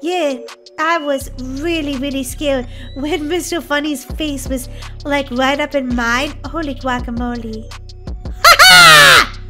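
A woman hosting a playful gameplay commentary, giggly and excitable, shrieking when startled. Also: high voice, measured pace, music in the background. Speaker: gaming channel host.

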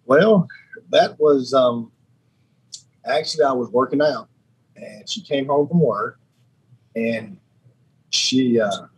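A man's voice: medium pitch, takes it slowly, pauses often, husky, low-quality recording. A man, a podcast guest telling stories in a rambling, chatty way. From Alabama. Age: 30s. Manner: rambling, repeats words, laughs often. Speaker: podcast guest, sheriff's lieutenant. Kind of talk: casual storytelling chat.

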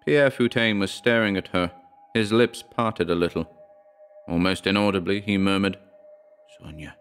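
Man, very low voice, measured dramatic horror narration, faint music underneath. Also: steady tone, a bit bright, clear, resonant tone. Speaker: audiobook narrator.

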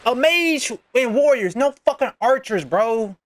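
A man's voice: very high-pitched, lively intonation, a little slow, few pauses. A young man giving casual gameplay commentary, muttering and cursing in frustration at the game. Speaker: gaming channel host.

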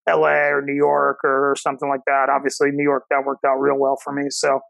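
Gravelly, reflective man in his thirties. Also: mid-range voice, completely flat delivery, a bit bright, dry recording, poor audio. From Cincinnati, Ohio, USA. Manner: reflective, halting, many restarts and 'you know' fillers. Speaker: chef and restaurant owner, podcast guest. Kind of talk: casual interview storytelling.

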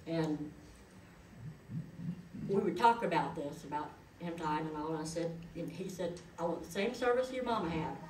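A woman's voice: low voice, normal speed, darkish tone, a little hiss or hum. A middle-aged woman, giving a eulogy in a chatty, folksy storytelling way. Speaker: eulogist, daughter of the deceased. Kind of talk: eulogy told as personal stories. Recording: echoey hall, voice from far off.

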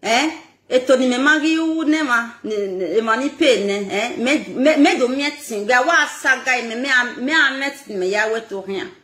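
A woman's voice: sits high, normal speed, reverberant. A Nigerian woman ranting on a live video, scolding and laughing as she talks. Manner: animated, scolding, laughs often. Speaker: social media personality.

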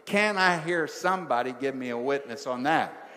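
A man's voice: mid-range voice, normal speed, bright, forceful tone. A man preaching a sermon as pastor, speaking in short rhythmic phrases and putting questions to his congregation. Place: church sanctuary. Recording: large hall with long reverb.

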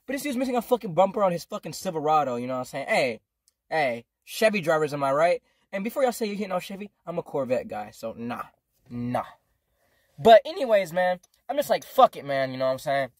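A man's voice: fairly high pitch, sing-song, fast, no echo, clean studio sound. A young man telling a casual storytime vlog from home, rambling in slangy, profane speech. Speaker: vlogger.

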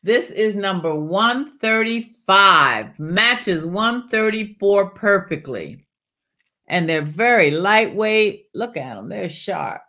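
A woman's voice: mid-range voice, lively intonation, slow pace, bright, forceful tone. A middle-aged woman hosting a live jewelry sale, chatting casually and calling her viewers honey and y'all. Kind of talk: casual live-stream sales chat.

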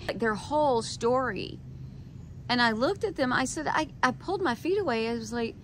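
Animated woman telling a personal story. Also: a little high, quick pace, slight background noise. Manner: animated, acts out her own quoted thoughts. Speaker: video creator.

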